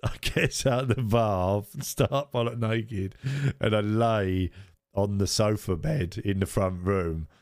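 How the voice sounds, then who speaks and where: Low-voiced man telling a story. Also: takes it slowly, dry recording, studio quality. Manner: rambling, laughs at his own story. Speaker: podcast co-host. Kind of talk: casual storytelling chat.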